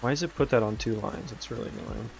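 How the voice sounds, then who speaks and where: Streaming as he builds his game, a young developer chats casually and rambles, swearing and laughing often in a laid-back manner. He speaks at a quick pace in a fairly low, gravelly voice, with soft music in the background.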